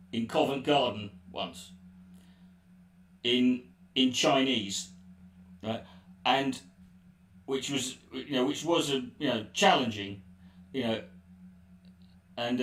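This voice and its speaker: A man with a mid-range, fairly bright voice rants sarcastically while answering a live-stream chat, swearing freely and rambling. The recording has a roomy echo, a distant mic, and faint noise.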